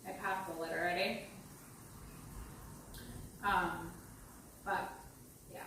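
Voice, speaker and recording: Chatty woman hosting a home cooking vlog, rambles and jokes at her own expense; picked up from across a boomy kitchen. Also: level tone, slow, pushed and bright. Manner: chatty, rambling, self-deprecating. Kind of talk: casual cooking chat. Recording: very echoey room, mic far off, noisy.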